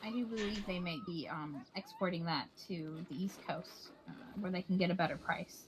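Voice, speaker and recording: A woman's voice: lowish voice, normal speed, background noise. A woman in a roleplay, speaking politely with formal phrasing. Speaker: roleplay player. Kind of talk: in-character roleplay chat.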